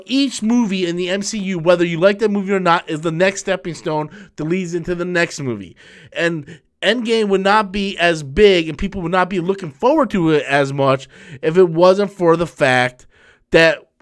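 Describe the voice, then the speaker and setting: Answering viewer messages on his live stream, a YouTube channel host in his thirties speaks in a voice that sits high. Tired after a long workday shift, he goes on excitably, rambling and often starting his thoughts over.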